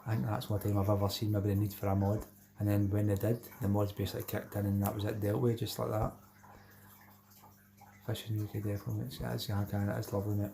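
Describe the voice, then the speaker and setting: A man's voice: fairly low pitch, flat delivery, fast talker, gravelly, dark tone. A middle-aged Scottish man hosting a live stream, chatting casually with viewers and reading out their comments, repeating himself and calling everyone mate.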